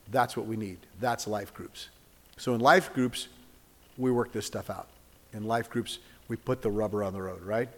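A male pastor delivers a sermon at a middle pitch, his voice trailing a long reverb through a church sanctuary. He talks conversationally, teasing listeners by name, then rises to fervent calls and prays. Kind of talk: sermon with closing prayer.

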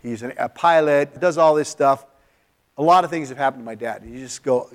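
Middle-aged pastor, confessional hush. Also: male voice, on the high side, lively intonation, moderate pace, pauses often. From California. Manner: emotional, confessional, drops to near-hush. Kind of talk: sermon storytelling. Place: church.

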